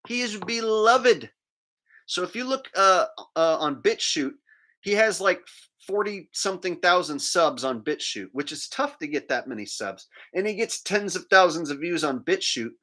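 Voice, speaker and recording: A man hosting his own video, talking casually and mocking in an incredulous, animated way. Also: on the high side, low-quality recording. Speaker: comedian and video host. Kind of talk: casual comedic commentary.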